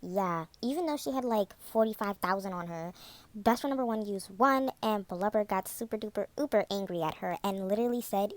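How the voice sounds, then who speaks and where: Brief: young adult woman, mid pitch, exasperated sassy storyteller, dead-dry sound. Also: brisk, dry recording. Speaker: vlogger. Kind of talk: casual storytime.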